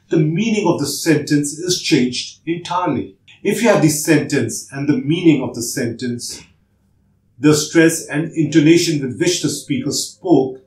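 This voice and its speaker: Methodical man with a higher voice. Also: a little mellow, reverberant. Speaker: test prep tutor. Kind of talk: instructional narration.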